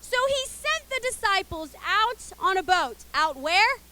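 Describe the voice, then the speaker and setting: A young woman teaching children, telling a Bible story in a playful, expressive way and getting the kids to call out and join in. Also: very high voice, measured pace.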